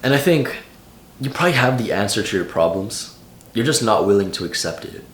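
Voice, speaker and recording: A man's voice: on the low side, animated, a little fast, a bit bright, echoey room, a little hiss or hum. A young man in his late teens giving casual vlog advice in a loose, slangy way full of "like". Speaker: vlogger.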